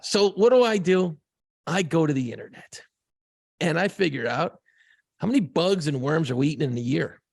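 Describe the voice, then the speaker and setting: Gravelly, husky man telling rambling stories. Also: fairly high pitch, animated, moderate pace, dry recording, clean studio sound. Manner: rambling storyteller, swears freely. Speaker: podcast co-host. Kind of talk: casual podcast banter.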